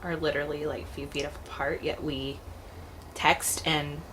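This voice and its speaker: A woman's voice: deep voice, level tone, normal speed, background noise. A woman in her thirties talking casually to her vlog viewers in a chatty, rambling, heartfelt way. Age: 30s. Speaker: vlogger. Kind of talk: casual vlog talk to camera.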